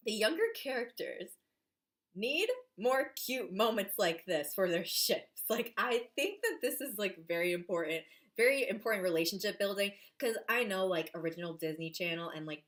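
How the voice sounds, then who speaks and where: A woman in a casual reaction vlog, gushing and excitable about an episode, full of "like" fillers. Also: mid-range voice. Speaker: vlogger reviewing a TV episode.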